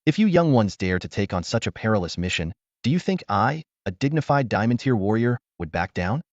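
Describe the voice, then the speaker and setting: A hearty, proud veteran warrior of advancing years speaks in a low, commanding tone, as a man reading a novel puts him on. His lines rise and fall with lively swings. The audio is dull and dry. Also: fairly quick, no echo. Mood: resolute. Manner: booming, commanding, laughs heartily.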